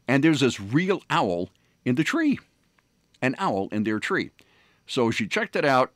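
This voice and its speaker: Radio host guy rambling thru a story, lots of uhs, pitch jumps all over, dry studio sound. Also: a bit bright, no echo. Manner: rambling, many fillers and restarts. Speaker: radio morning show host. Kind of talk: casual on-air storytelling. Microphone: studio microphone.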